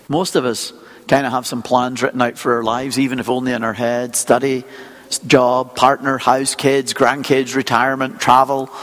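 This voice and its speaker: A man preaching a sermon as a pastor, telling stories in a lively, conversational way and acting out small scenes. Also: medium pitch, big-room sound. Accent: non-local accent.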